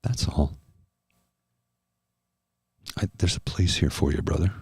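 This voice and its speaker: A man hosting a soft-spoken ASMR livestream, talking slowly and earnestly and answering viewers by name. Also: a bass voice, breathy edge, dry recording. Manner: slow, earnest and heartfelt, addressing viewers by name. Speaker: livestream host.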